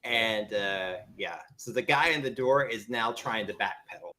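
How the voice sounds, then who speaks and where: Bright-voiced man running a tabletop game. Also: lowish voice. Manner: halting, with many uhs and laughs. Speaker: game master.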